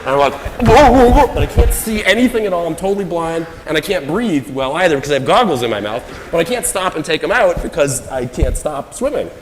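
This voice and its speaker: A man from the United States giving a conference talk, telling a story with lively energy and acting out what people said. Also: a little high, fast, few pauses, noisy background. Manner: animated storyteller, acts out quoted lines. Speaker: conference speaker. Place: large hall. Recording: roomy hall with long reverb.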